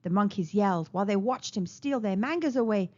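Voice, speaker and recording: A woman reading a children's storybook aloud in an animated, sing-song way. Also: medium pitch, a little fast. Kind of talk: read-aloud storybook narration. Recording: slightly dull lo-fi recording.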